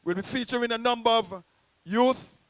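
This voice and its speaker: A man's voice: very high voice, moderate pace, no room sound. A man with a Nevisian accent hosting a poetry event in a public square, rousing the crowd like a theatrical announcer. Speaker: host. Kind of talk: live event emcee.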